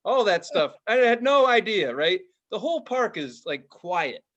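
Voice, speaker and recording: A man in his forties, chatting casually on a podcast. His voice sits a touch high, and he tells stories in an animated, profane way, often breaking into laughter. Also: a little slow, dull audio, slight background noise. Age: 40s. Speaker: podcast co-host. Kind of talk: casual chat.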